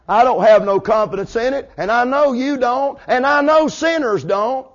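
A middle-aged man preaching a fiery revival sermon, dropping to a hush and then rising to a shout. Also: very high voice, moderate pace. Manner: swings from hushed to shouting, calls out amen. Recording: dull lo-fi sound.

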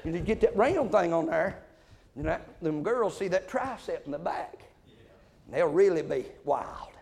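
A man preaching a fiery sermon, often shouting and punctuating his lines with amens. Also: on the high side, animated, creaky. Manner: shouting, rapid-fire with frequent amens. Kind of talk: fiery Pentecostal-style sermon.

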